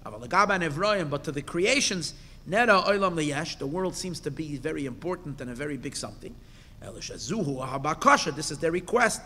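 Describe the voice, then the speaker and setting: Bright, high-voiced rabbi teaching in a hall. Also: male voice, animated, a little fast, slight background noise. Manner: reads a Hebrew text phrase by phrase and explains each in English; explains with emphatic bursts and questions. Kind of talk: Torah class lecture. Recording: long hall reverb.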